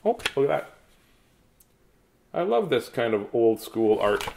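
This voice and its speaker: A man's voice: mid-range voice, big pitch swings, measured pace, gravelly, dark tone, slight background noise. A man reading children's picture books aloud in a playful, jokey way, with asides to viewers. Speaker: children's book reader.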